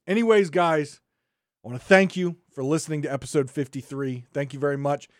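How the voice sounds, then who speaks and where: A podcast host ranting angrily and sarcastically, swinging from shouting to muttering. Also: medium pitch, expressive, moderate pace, no echo, clean studio sound. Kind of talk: solo gaming podcast rant.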